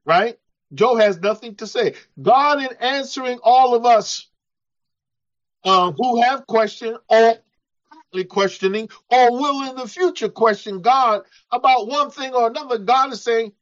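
A man's voice: extremely high pitch, unhurried. A man preaching a sermon, acting out quoted voices and chuckling as he talks. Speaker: pastor. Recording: dull lo-fi church recording.

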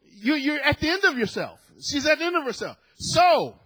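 High, lively, husky-voiced preaching man. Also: moderate pace. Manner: swings between hushed storytelling and loud preaching shouts; acts out the people in his story with voices. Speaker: pastor. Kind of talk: sermon with storytelling.

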